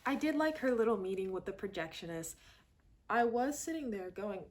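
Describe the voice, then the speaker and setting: A woman's voice: mid-range voice, normal speed. A woman giving a casual, chatty movie review and talking expressively. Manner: chatty, expressive, acts out lines in quotes.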